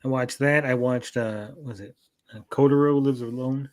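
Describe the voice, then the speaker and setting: Male co-host and parent, casual and profane, animated storyteller, mid-range voice. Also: medium pitch, moderate pace, slight background noise. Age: adult parent. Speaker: podcast co-host. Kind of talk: casual chat.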